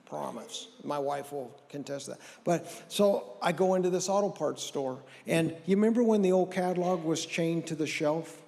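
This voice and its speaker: Middle-aged male comic, high voice, folksy self-deprecating storyteller in a reverberant church hall. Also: normal speed, creaky, few pauses, mellow. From American Southwest. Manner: folksy, self-deprecating, acts out others' lines. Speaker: stand-up comedian. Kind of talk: stand-up storytelling.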